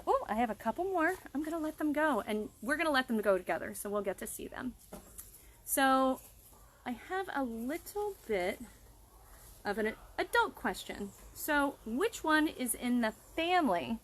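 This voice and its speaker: A woman with a high, fairly bright voice gives a cheerful nature lesson to children by a pond, streamed live. As a wildlife educator, she explains things and talks straight to her young viewers.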